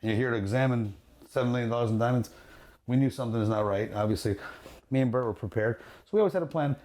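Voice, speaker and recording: A man, a luxury jewelry dealer, telling a story in a casual podcast chat, animated and profane, acting out the quotes and laughing as he goes. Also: mid-range voice, fast talker. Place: his jewelry store.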